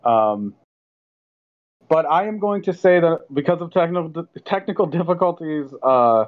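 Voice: medium pitch, expressive, normal speed. A tabletop game player speaking matter-of-factly through a tinny, muffled tablet microphone. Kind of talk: casual chat.

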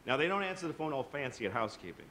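A man performing a stand-up comedy routine on a live stage, telling a story with animated delivery and acting out other people's voices. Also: on the high side, racing. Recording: live show with loud audience laughter and noise.

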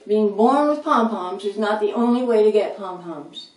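A woman voicing a kind, encouraging male kangaroo rat in a storybook, brisk and reassuring. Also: medium pitch, expressive, darkish tone, natural voice. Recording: roomy sound, mic at a distance.

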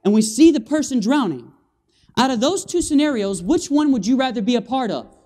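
A man preaching an animated sermon in a church, calling for amens from the congregation and acting out scenes with sound effects. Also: very high-pitched, fairly quick. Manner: animated, with call-and-response and vocal sound effects. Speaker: guest preacher. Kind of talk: lively evangelistic sermon. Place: church sanctuary.

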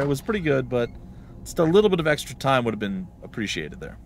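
A man's voice: a little high, big pitch swings, fairly quick, faint music behind. A man casually commenting while playing a game, chatty and self-deprecating. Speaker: let's play host.

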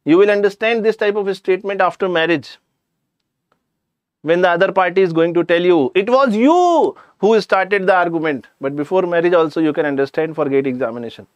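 A man's voice: high-pitched, fairly even intonation, quick pace, no room sound, lo-fi sound. A man with an Indian English accent teaching a live online grammar class, chatty, addressing students directly and slipping in jokes.

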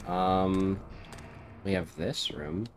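A man's voice: deep voice, fairly even intonation, drawn-out words, background noise. A man giving casual let's-play commentary on a horror game, thinking aloud and swearing often. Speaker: streamer playing a horror game.

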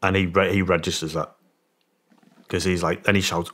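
Telling a story during a podcast interview, this middle-aged Englishman, once a soldier, performs the quoted voices with lively energy. He has a British English accent and a low-pitched voice at a normal speed.

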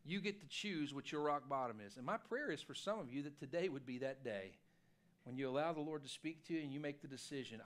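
A man preaching a sermon as pastor, telling a personal story in an animated, self-deprecating way. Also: a little high, fast. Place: church sanctuary.

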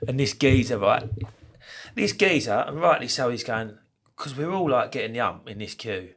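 A man's voice: mid-range voice, moderate pace, husky. A man with an Essex accent, a podcast co-host telling stories in casual chat, swearing freely and acting out the people in them. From Essex, England. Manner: swears freely, animated storyteller who acts out people.

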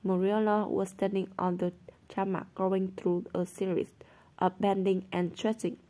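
A woman reading a novel aloud in a steady, unhurried way. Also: mid-range voice. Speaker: audiobook reader.

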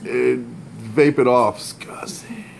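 A man chatting casually in a vlog from his car, swearing, barking and yelling out loud, then apologizing for his outbursts. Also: a little high, normal speed, slight background noise. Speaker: vlogger.

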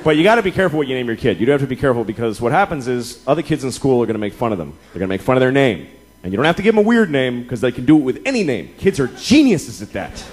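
Racing through his set, a stand-up comic in his thirties grows exasperated and swears as he performs his inner voices for a laughing comedy club crowd. His mid-range voice has a breathy edge and big pitch swings, captured on a stage mic amid audience laughter and noise.

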